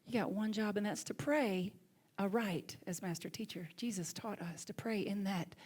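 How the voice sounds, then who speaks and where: A woman minister with a Southern accent, preaching a sermon and telling a personal story with lively swings from loud to hushed. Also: mid-range voice, normal speed, breathy edge. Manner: animated, swings from loud to hushed near-whisper. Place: church sanctuary.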